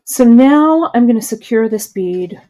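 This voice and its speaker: A woman's voice: on the high side, animated, measured pace, dark tone. A woman hosting a live jewelry-making demonstration, chatting encouragingly and thinking aloud as she works.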